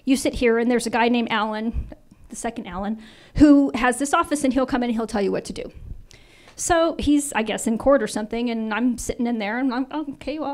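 A woman in her fifties giving a storytelling talk to an audience, animated and acting out dialogue as she goes. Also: a little high. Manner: animated, acts out quoted dialogue. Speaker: invited speaker.

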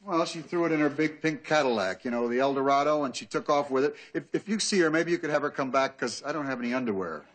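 A man's voice: mid-range voice, fast, hardly any pauses, close to an everyday voice. An actor playing an exasperated father in a sitcom. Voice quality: exasperated, wry. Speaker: Wood Newton, father. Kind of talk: sitcom acting. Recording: TV sitcom audio with loud noise.

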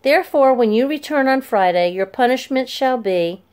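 A woman's voice: high voice, lively intonation, moderate pace, a little mellow, smooth, pitched above the performer's own voice. A woman voicing a stiff, fussy male caretaker who speaks formally and clipped. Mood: stern.

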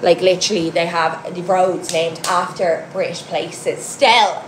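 A woman's voice: lowish voice, steady tone, unhurried. A young Irish woman with a Louth accent chats casually with her viewers, reading their comments and giving blunt opinions, often laughing. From Ireland, County Louth. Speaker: streamer chatting with viewers. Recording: roomy echo with faint background hum.

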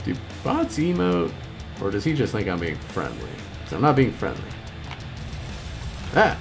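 Excitable man doing game commentary. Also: normal speed, vocal fry, music in the background. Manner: excitable, yelps high-pitched when upset. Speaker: gaming video host. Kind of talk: gameplay commentary.

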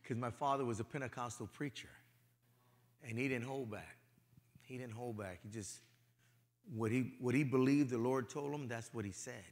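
A middle-aged male pastor giving a sermon in a casual, conversational way, with his volume swinging from loud to hushed. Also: medium pitch, moderate pace, pauses often. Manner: casual, conversational, peppered with "you know".

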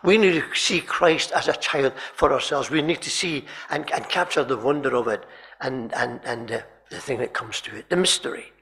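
A man preaching a sermon in a chapel, telling stories animatedly and often repeating words and clearing his throat. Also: medium pitch, normal speed, a bit bright.

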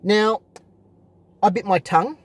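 An Australian man records a casual vlog monologue from his parked car, speaking in a high-pitched voice at a slightly slow pace. He rambles, repeats himself, and fills his talk with fillers.

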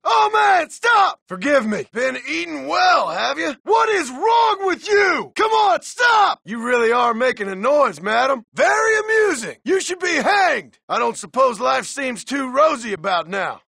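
John Marston, a gravelly gunslinger. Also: male voice, very high-pitched, sing-song, a little slow, hardly any pauses, pushed and bright, no echo, raised voice, full character voice. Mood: gruff, menacing. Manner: barking threats and dry taunts. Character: gruff hardened male frontier gunslinger. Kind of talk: video game voice acting.

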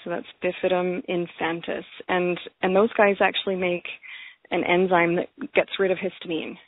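An enthusiastic woman chatting as a guest. She laughs often and circles back over her words, and her slightly husky voice comes through a tinny, dry phone line. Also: on the low side, flat delivery, moderate pace, no echo. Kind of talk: casual conversation.

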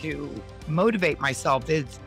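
A middle-aged woman speaking as a podcast guest in a casual, earnest and encouraging way, slowly leading affirmations. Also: deep voice, vocal fry, fairly bright tone, soft background music. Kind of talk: casual motivational chat.

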